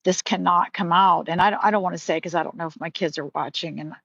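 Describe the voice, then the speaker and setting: A woman's voice: deep voice, racing, breathy edge, dry recording. Candid, rambling woman on a lo-fi stream. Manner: rambling, candid, profane, with many restarts. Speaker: live stream host. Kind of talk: casual live-stream chat.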